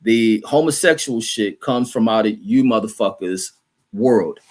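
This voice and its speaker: A man's voice: on the low side, measured pace, a little mellow. A man hosting a livestream, ranting in a profane, combative and mocking way while he reads out and answers chat comments. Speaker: livestream host reading chat. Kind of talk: heated livestream rant.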